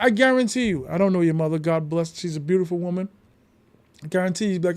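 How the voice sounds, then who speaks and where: A man, a podcast guest telling stories in casual conversation, emphatic and animated, swearing often. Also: high voice, fast talker, clean tone. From New York City.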